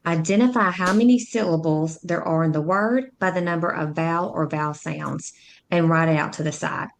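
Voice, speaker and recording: A woman tutor narrating a phonics lesson, speaking slowly and clearly as she sounds out words and syllables. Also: low-pitched, slight background noise. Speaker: reading tutor.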